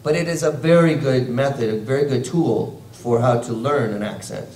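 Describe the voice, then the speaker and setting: A man, a voice actor speaking on a convention panel, telling stories in an animated, rambling way. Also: mid-range voice, normal speed, distant mic. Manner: animated, rambling storyteller who laughs often. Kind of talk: casual convention panel talk. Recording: echoey hall, faint ambient noise.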